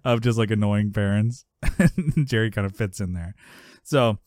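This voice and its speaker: Male podcast co-host, casual and animated, frequent laughs, mid-pitched, dry close sound. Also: moderate pace, no room sound. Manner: animated, laughs often, acts out characters in a high yelling voice. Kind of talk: casual chat recapping a sitcom episode.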